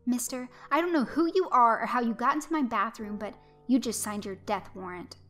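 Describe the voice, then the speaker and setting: A woman's voice: medium pitch, steady tone, moderate pace, faint music behind, close to an everyday voice. A woman voicing a crude, cocky young killer. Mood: menacing. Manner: teasing, foul-mouthed, cocky.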